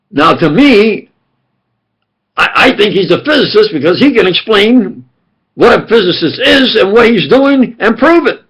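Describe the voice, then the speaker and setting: An older man from New York with a New York accent, telling rambling stories in a gravelly, husky voice that swings between loud and soft. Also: sits high, very animated, a little slow. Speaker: self-styled preacher and physicist. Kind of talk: rambling monologue.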